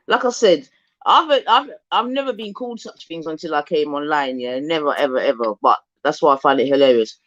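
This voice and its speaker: A man's voice: fairly high pitch, expressive, a little fast, fairly bright tone, dry recording. Brief: streamer, man, combative banter, muffled lo-fi mic. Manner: argumentative, talks over his guest. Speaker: live stream host. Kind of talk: casual live stream chat. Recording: dull lo-fi dry mic.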